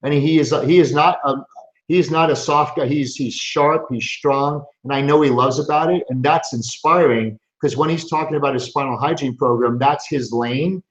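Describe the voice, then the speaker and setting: A man's voice: a little high, moderate pace. Earnest preachy man, roomy lo-fi sound. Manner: earnest, preachy, restarts phrases. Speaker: chiropractor host. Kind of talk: motivational live show talk.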